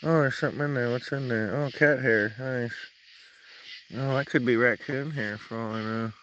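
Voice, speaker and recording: A man's voice: mid-range voice, fairly even intonation, normal speed, fairly bright tone, muffled recording, a little hiss or hum. A man streaming casually from his yard at night, rambling and swearing freely as he chats. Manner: rambling, profane, laughs often. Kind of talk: casual livestream chat.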